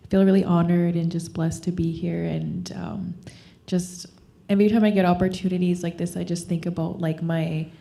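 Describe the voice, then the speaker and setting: A woman speaks with a very dark, mellow tone and a low, flat pitch. She gives heartfelt thanks at a panel, soft and full of filler words. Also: creaky. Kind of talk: thank-you remarks at a panel.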